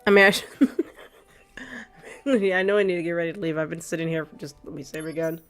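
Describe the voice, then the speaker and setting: A woman's voice: fairly low pitch, fairly even intonation, fast, a bit bright, soft background music. A woman streamer in casual, rambling chat with her viewers, a little stuffy from allergies and laughing often. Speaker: gaming streamer.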